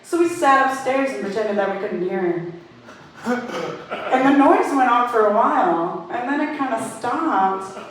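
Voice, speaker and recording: A fairly high-voiced woman doing stand-up, spinning dark family stories with a deadpan edge and frequent laughter. She sounds far from the mic in a very echoey space, with a faint hiss underneath. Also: measured pace. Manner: dark deadpan jokes, often breaking into laughter. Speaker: stand-up comedian. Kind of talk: stand-up storytelling.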